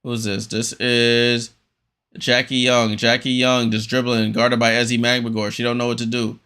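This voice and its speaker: A man hosting a live watchalong stream, calling the game play-by-play in a relaxed, chatty way with frequent ums and restarts. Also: medium pitch, moderate pace, clean tone. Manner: relaxed, chatty, many ums and restarts, reads chat aloud.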